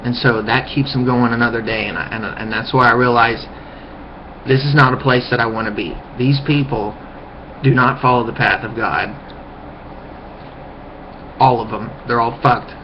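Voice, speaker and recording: A man's voice: mid-range voice, steady tone, moderate pace, long pauses, a little hiss or hum. A man in a heated, profane ranting monologue, recorded on a webcam microphone. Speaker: vlogger. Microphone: webcam mic. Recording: muffled lo-fi webcam audio.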